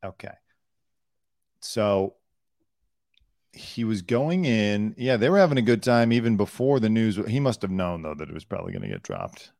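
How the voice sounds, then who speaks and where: A man's voice: fairly low pitch, sing-song, moderate pace, creaky, pauses often, darkish tone, dry recording, clean studio sound. A man co-hosting a comedy news podcast, chatting casually and acting out quotes. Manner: jokey, acts out quotes in put-on voices. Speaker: podcast co-host.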